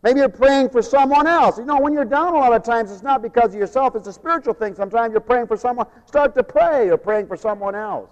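A man preaching a sermon, turning emphatic on key phrases and dropping quieter for personal stories. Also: very high voice, a little fast, hardly any pauses. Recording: dull lo-fi tape in a long-echo hall.

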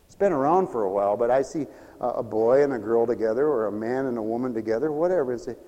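A man preaching a sermon, dramatic and given to mimicking others and shouting for emphasis. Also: medium pitch, fast, long reverb tail, muffled recording. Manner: dramatic, acts out other people's voices.

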